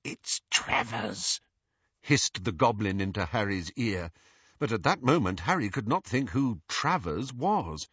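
A man reading a novel aloud as an audiobook narrator, with an expressive delivery. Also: fairly low pitch, unhurried, slightly rough, dry recording, muffled recording.

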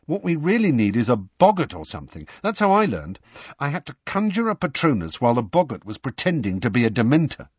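A man's voice: mid-range voice, huge pitch swings, a little fast, husky, no room sound. A man voicing a patient, earnest teenage boy wizard in an audiobook reading. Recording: dull lo-fi dry recording.

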